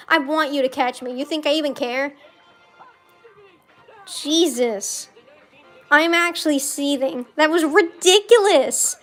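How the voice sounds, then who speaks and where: Young woman, high voice, gaming commentary, frustrated swearing rants, faint music in the background. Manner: frustrated, swearing, ranting at the game; muttering quietly to herself. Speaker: gaming streamer. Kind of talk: casual gameplay commentary.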